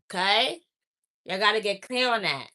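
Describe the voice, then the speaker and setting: A woman's voice: mid-range voice, lively intonation, moderate pace, sharp tone. A woman speaking straight to her viewers as an oracle reader, blunt and preachy, scolding them and repeating her points. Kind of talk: direct-to-camera spiritual message.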